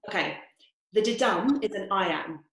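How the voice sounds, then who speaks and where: A woman's voice: medium pitch, lively intonation, normal speed. A woman patiently explaining in a casual, scripted educational chat. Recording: roomy echo.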